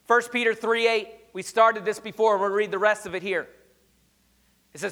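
A pastor preaching a sermon, emphatic and conversational with rhetorical questions, slightly hoarse. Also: male voice, high-pitched, fairly even intonation, moderate pace, sharp tone.

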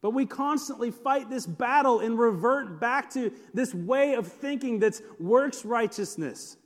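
Animated high-voiced preacher in a hall. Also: male voice, measured pace. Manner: animated, conversational preaching with rhetorical questions. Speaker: pastor. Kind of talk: sermon.

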